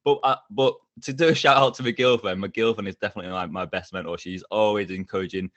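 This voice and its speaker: A middle-aged man, a podcast guest telling stories with lively energy and frequent laughs. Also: fairly low pitch, fast, no echo. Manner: energetic, animated, laughs often. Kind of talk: casual storytelling interview.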